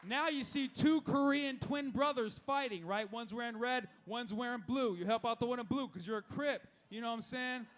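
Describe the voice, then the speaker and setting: A man's voice: extremely high pitch, a bit bright. A young man doing a stand-up set, firing off punchlines and acting out little voices of the people in his jokes. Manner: rapid-fire punchlines with acted-out voices. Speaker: stand-up comedian. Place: live comedy show.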